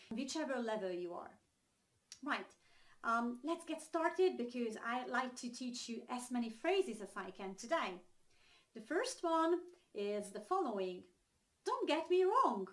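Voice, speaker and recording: A young woman with a Hungarian accent teaches English phrases in an online lesson. Her voice sits fairly high. She talks in a chatty way, walking through everyday examples with plenty of ums and uhs.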